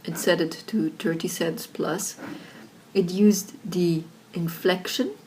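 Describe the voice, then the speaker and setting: Woman presenter, slightly low voice, relaxed and filler-heavy, built-in laptop mic with light background noise. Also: takes it slowly. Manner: chatty, many fillers like "like" and "you know". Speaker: software tutorial presenter. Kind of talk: casual screen-recorded tutorial. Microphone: built-in laptop microphone.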